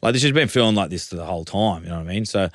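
A man's voice: low voice, lively intonation, racing, dry recording, studio quality. A man with an Australian accent telling a long story in casual chat, full of fillers and restarts. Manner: rambling storytelling with many fillers. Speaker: podcast guest, footballer.

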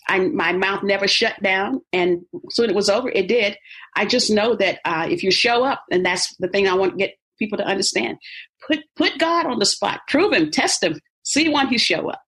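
A woman's voice: medium pitch, normal speed, a bit bright, slightly rough. A woman motivational speaker and author talking in an interview, emphatic and preacherly, laughing easily. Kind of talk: interview conversation.

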